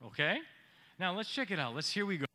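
High, piercing-voiced joking preacher man. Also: fairly quick. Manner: joking, animated preaching with audience call-outs. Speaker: pastor. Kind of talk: sermon.

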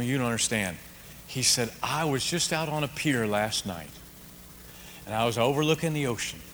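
Male pastor, lively storytelling sermon, bright and forceful voice, long hall reverb with faint room noise. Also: medium pitch. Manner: animated storyteller, swings from hushed to shouting.

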